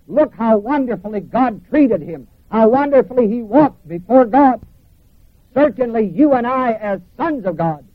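A man's voice: very high voice, no room sound, narrow, tinny audio. A man preaching a sermon with emphatic repetition and questions put to his congregation. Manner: emphatic, repeats phrases, asks congregation questions.

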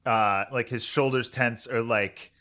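Bright-voiced man chatting about anime. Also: mid-range voice, measured pace. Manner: rambling, animated retelling with quoted voices. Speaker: podcast co-host. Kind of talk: casual chat about anime.

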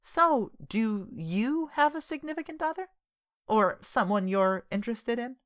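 A woman's voice: a little high, animated, measured pace, dry recording, studio quality, pitched above the performer's own voice. A woman voicing a talkative, sympathetic woman who is an old friend. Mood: teasing. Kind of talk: audiobook character voice.

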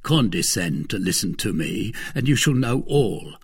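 A timid, fawning innkeeper, as a male reader does him for a storybook, slow and pleading. The voice sits low, with a gravelly, husky grain. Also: sing-song, heavily acted.

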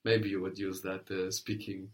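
Low-voiced male teacher who coaches patiently through question and answer. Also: flat delivery, normal speed. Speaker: language teacher. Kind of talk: guided language lesson.

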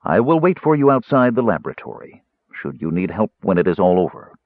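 A man playing a sorrowful mage who speaks low and gently with a husky tone. The sound is dry and tinny, like a phone line. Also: sing-song, fairly quick, no room sound, exaggerated voice. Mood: gentle. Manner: soft, gentle.

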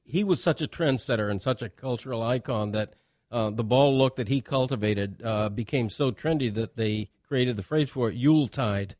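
Deadpan joking radio sidekick man. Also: mid-range voice, moderate pace, dry recording, studio quality. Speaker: radio show regular. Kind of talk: casual sports talk chat. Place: radio studio.

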